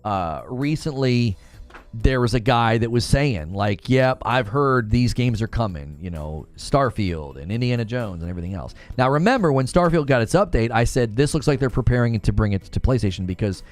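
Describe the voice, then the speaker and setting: A man's voice: mid-range voice, expressive, normal speed, soft background music. A man chatting casually on a gaming live stream, rambling and correcting himself as he talks. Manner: rambling, self-correcting, laughs often.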